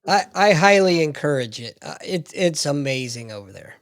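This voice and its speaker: A man's voice: a little high, animated, moderate pace, no room sound, clean studio sound. A man in his fifties hosting a podcast, joking and telling stories in a casual chat. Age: 50s. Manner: playful, self-deprecating storyteller.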